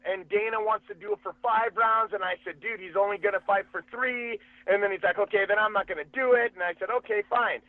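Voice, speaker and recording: A man, a podcast guest, telling a story in a casual, animated way, with quick restarts and calling the host "dude". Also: high-pitched, no echo. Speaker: guest, fight promotion executive and manager. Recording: tinny phone-like dry sound.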